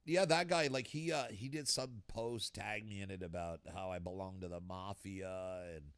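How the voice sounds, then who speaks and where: A man's voice: deep voice, moderate pace, fairly bright tone, clean tone, dry recording, clean studio sound. A man with a rural New England accent hosting a casual podcast chat, swearing freely and laughing as he tells stories. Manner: profane, laughing storyteller. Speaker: podcast host.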